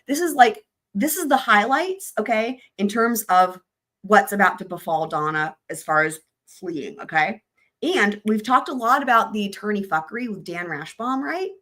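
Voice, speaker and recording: A woman's voice: mid-range voice, a bit bright. Chatty woman hosting a crime live stream. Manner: chatty and rambling, talks to her chat. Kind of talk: casual live-stream commentary.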